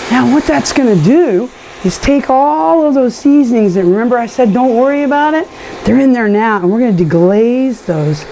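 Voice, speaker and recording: A woman's voice: a little high, noisy background. A woman hosting a home cooking show, chatting to viewers with enthusiasm as she cooks. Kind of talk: casual cooking demonstration.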